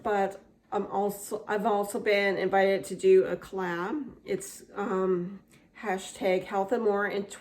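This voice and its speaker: A woman's voice: mid-range voice, steady tone, a little slow, a little mellow. A woman in her fifties chatting in a rambling, casual way while showing her house, with many fillers and restarts. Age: 50s. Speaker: vlogger. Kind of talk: casual home tour chat. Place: inside a house.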